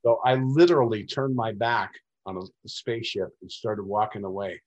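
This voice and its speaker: A man's voice: on the low side, normal speed, hardly any pauses, poor audio. A man as an interview guest, recounting personal experiences in a rambling way and acting out the dialogue he quotes.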